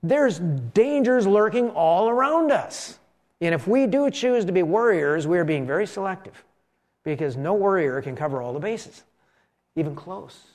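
A middle-aged man, a pastor, preaching a conversational sermon, slowing down for emphasis and having the congregation repeat lines with him. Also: high-pitched, lively intonation, darkish tone.

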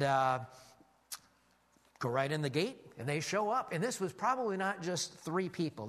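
Animated man telling a sermon story. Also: a little high. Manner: lively, animated storytelling with frequent restarts. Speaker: preacher.

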